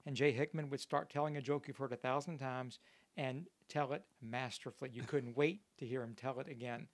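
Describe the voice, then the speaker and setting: A middle-aged male comedian chatting casually and retelling old jokes with lively delivery. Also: medium pitch, fairly quick, dry recording. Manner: animated joke-telling with character voices. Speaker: comedian guest telling jokes. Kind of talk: casual podcast conversation.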